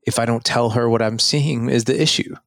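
A man's voice: mid-range voice, fairly quick, gravelly, dry recording, studio quality. A middle-aged man talking as a podcast guest, earnestly coaching men on marriage and acting out little scenes as he explains. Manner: earnest, animated storytelling with acted quotes. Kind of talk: casual advice conversation.

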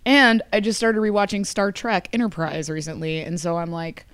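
A young woman guest at a comic convention, chatting in a rambling way with many fillers and laughs, her voice a little hoarse. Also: medium pitch, level tone, normal speed, a bit bright, dry recording. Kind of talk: casual interview chat.

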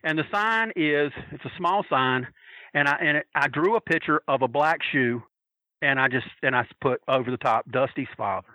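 Man, bright tense tone, dry close sound; lively raconteur who slips into character voices. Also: on the high side, moderate pace, dry recording, poor audio. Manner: animated, acts out quoted voices. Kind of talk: casual anecdote telling.

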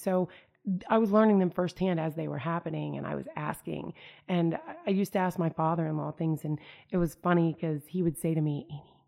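A woman's voice: lowish voice, vocal fry, dark tone. A middle-aged woman from the United States, telling a personal story in a conversational way, full of "like" and "you know". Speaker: storyteller recounting family life.

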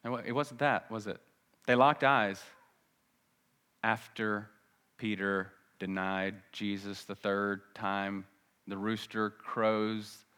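A male pastor giving a sermon in a church, swinging from biting sarcasm to hushed, earnest appeals. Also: on the low side, steady tone, takes it slowly, smooth. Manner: sarcastic, then dramatic with wide swings between loud and hushed.

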